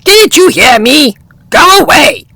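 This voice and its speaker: A man voicing a small, grumpy, territorial male bird that shrieks and shouts in a high voice. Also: sing-song, slow, dry recording, heavily acted. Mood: angry shrieking. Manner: shrill and shrieking.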